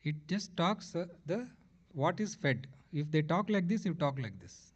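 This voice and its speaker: A man's voice: on the high side, animated, a little slow. Man, lo-fi sound. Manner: addresses listeners as sir, acts out dialogue. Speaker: speaker presenting at a medical education session. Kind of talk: presentation talk.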